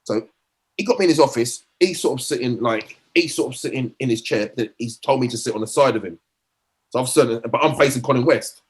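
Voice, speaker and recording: A middle-aged man talks quickly, telling a long stretch of football stories. His pitch sits in the middle of the male range. He keeps restarting his sentences and slips into voicing the people he quotes. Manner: rambling anecdotes with frequent restarts and acted quotes. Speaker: former footballer guest. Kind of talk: storytelling in a podcast interview.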